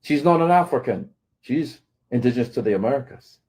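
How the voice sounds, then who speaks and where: A man's voice: mid-range voice, lively intonation, brisk, darkish tone, slightly rough. A man ranting at his critics, scolding and taunting them and often asking "right?". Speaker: commentator. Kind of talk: confrontational rant to camera.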